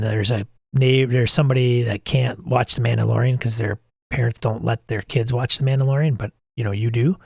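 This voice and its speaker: A man's voice: medium pitch, creaky, slightly rough, no echo, clean studio sound. A middle-aged man hosting a casual livestream talk, blunt and exasperated, swearing casually as he rants. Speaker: podcast host.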